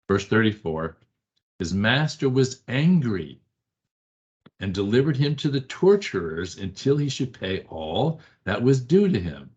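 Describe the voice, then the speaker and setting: A man's voice: mid-range voice, animated, a little slow, a little mellow, breathy edge. A man teaching a Bible study class, conversational and emphatic, repeating short phrases and checking in with the class. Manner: conversational, keeps asking the class "right?". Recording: dull lo-fi classroom recording.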